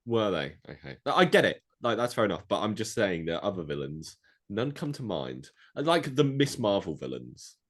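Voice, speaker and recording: A man from Europe co-hosting a loose, casual podcast chat, playful and teasing and quick to laugh. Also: lowish voice, big pitch swings. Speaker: podcast co-host.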